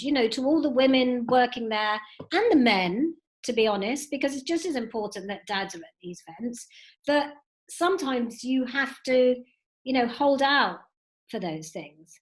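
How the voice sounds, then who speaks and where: A woman in her fifties, a guest telling lively stories with many "you know"s over a video call from home. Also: high-pitched, normal speed. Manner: animated storytelling with frequent "you know". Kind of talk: recorded video call interview. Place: at home indoors.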